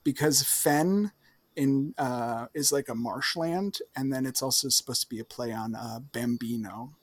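A man's voice: medium pitch, unhurried, slightly rough. A man with a New Jersey accent, co-hosting a podcast and chatting enthusiastically, with lots of fillers. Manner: enthusiastic, filler-heavy explaining. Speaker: podcast co-host. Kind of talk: casual chat.

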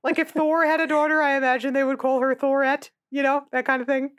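Woman, podcast co-host, casual chat, outspoken, blunt, fairly high voice. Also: flat delivery, brisk, fairly bright tone.

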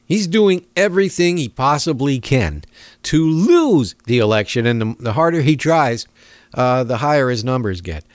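A man's voice: medium pitch, animated, moderate pace, dry recording. A man hosting a talk radio show, ranting sarcastically and chuckling as he rambles. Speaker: radio host.

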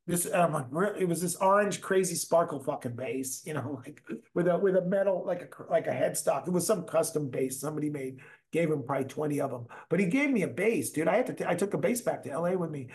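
A man with a high voice trades stories in a relaxed conversation. He talks in loose, animated bursts and swears freely as he rambles through his anecdotes. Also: quick pace. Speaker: musician guest, bass player. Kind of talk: casual storytelling chat.

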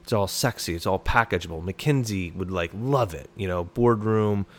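A man's voice: low-pitched, normal speed. A man, a former special operations soldier, talking as a podcast guest in a blunt, profane, fired-up way. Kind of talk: casual podcast conversation.

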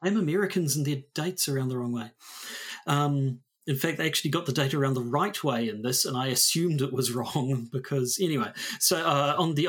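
A man's voice: mid-range voice, a bit bright, slightly rough. A man co-hosting a podcast in casual chat, rambling and correcting himself as he reads a statement aloud. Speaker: podcast co-host.

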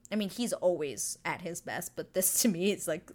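Young woman, low-pitched and animated, gushing casual recap with swearing. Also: normal speed. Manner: gushing, excitable, swears freely. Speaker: TV episode recap host.

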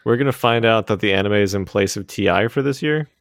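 A man's voice: on the low side, creaky, dry recording, studio quality. A man co-hosting a podcast in casual chat, cracking jokes and swearing casually. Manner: joking, quick with wisecracks, swears casually. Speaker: podcast co-host.

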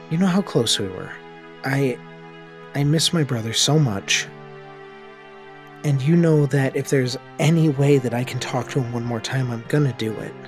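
A man's voice: mid-range voice, natural voice. A man voicing a defiant, secretive teenage girl grieving her brother, stubborn and pleading by turns. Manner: stubborn, pleading, matter-of-fact.

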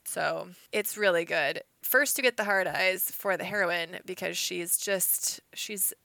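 A woman co-hosting a book podcast, chatting in a bubbly, teasing way with quick asides. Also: lowish voice, vocal fry, bright, forceful tone, no room sound. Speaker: podcast co-host. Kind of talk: casual chat.

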